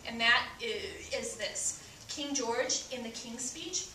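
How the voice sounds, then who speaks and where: A woman's voice: fairly high pitch, slow pace, sharp tone, roomy sound, recorded from a distance, a little hiss or hum. A woman performing stand-up comedy before a live audience, speaking with a stutter full of repeated sounds.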